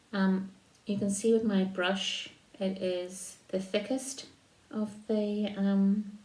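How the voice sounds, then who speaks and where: A woman demonstrating a card-making craft, talking slowly while she paints and trailing off softly. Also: mid-range voice. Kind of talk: crafting tutorial. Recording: roomy echo.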